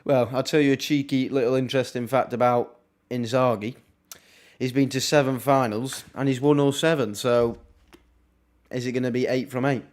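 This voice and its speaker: A young man, casually commentating on a football match live for his stream, with wry asides and quick reactions. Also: mid-range voice, steady tone, a little mellow. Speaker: watchalong streamer.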